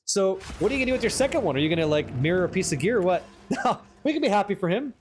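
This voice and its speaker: A man's voice: high voice, very animated, rapid-fire, a little hiss or hum. A man streaming a game, chatting casually with his viewers, joking and swearing freely as he reads the chat. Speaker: livestream gamer.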